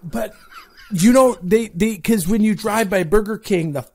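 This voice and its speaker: A man co-hosting a comedy podcast, bantering in a relaxed, teasing way with casual swearing. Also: high-pitched, measured pace, creaky. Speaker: podcast co-host.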